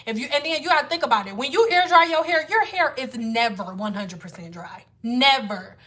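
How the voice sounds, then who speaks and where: A high-pitched, pushed, bright voice belongs to a woman hair care educator venting to viewers on a casual livestream. Her lesson doubles as a rant, delivered bluntly and in exasperation with lots of swearing.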